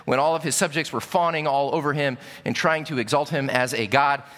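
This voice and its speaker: A man preaches in a church hall, his tone bright and forceful. He tells his story with sudden shouts and hushed drops. A long reverb trails every line. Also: on the high side, steady tone, brisk. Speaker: pastor. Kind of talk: sermon. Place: church sanctuary.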